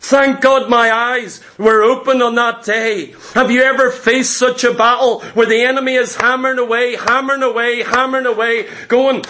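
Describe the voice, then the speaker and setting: A man's voice: very high voice, level tone, normal speed, few pauses, pushed and bright. A man preaching a fervent sermon, repeating phrases and calling out to the congregation as saints.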